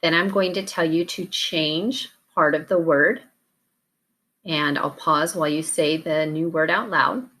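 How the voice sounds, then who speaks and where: A woman teacher leading a recorded classroom warm-up drill, slow and deliberate, pausing between prompts. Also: low voice, steady tone.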